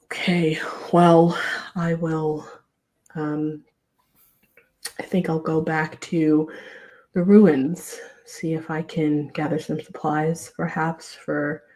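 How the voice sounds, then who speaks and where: A courteous, hesitant male teacher in a tabletop game, voiced by a woman game master. The voice is low and mellow, and the words come slowly and carefully. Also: flat delivery. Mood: concerned. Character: polite, concerned male teacher.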